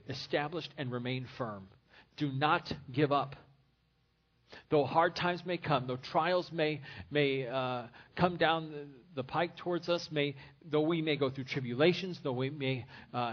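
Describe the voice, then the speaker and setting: A husky, slightly raised male voice delivers an earnest sermon, driving points home through repetition. The sound is dull and lo-fi, like an old church recording. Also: fairly high pitch. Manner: earnest preaching with repeated phrases. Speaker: pastor.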